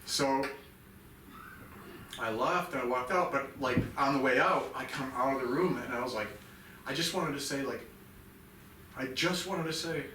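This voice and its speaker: A man in his fifties tells a raw personal story in a bright, forceful voice, intense and profane, swinging from low murmurs to loud outbursts. He sits back from the mic, so his voice sounds distant in a roomy, echoing space with a faint hum behind it. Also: normal speed, pauses often. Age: 50s. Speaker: podcast guest, military veteran.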